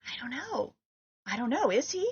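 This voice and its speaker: American woman cohosting a podcast, lively and laughy, kinda husky, muffled lo-fi sound. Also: sits high, normal speed. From United States. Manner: animated, laughs often, quotes people in put-on voices. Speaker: podcast co-host. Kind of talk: casual podcast chat.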